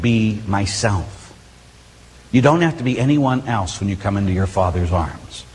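Middle-aged male priest, husky voice, animated storyteller, long church reverb. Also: fairly low pitch, measured pace. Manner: animated storytelling with conversational asides. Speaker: Catholic priest. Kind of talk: sermon.

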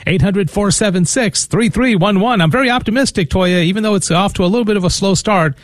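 A man's voice: high voice, fast talker, no echo. A man hosting a radio fundraiser, talking casually and stumbling over repeated words as he makes his appeal. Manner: talkative, repeats words often. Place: radio studio.

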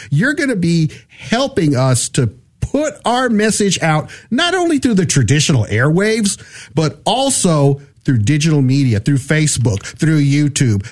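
A man co-hosting a Catholic radio pledge drive, energetic and enthusiastic as he keeps repeating the donation phone number. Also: fairly high pitch. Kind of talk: radio fundraising appeal.

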